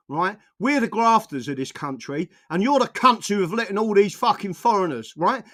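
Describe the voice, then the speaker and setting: Furious high-voiced man ranting. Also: a bit bright. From England. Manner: furious, swearing, stammering restarts. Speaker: political commentator. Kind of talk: angry profanity-laden rant.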